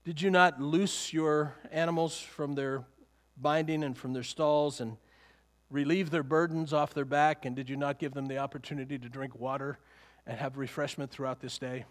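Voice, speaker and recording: A preacher voicing a stern rebuking teacher. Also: male voice, a little high, steady tone, moderate pace, big-room sound, pitched below the performer's own voice, natural voice. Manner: solemn, old-fashioned scriptural phrasing.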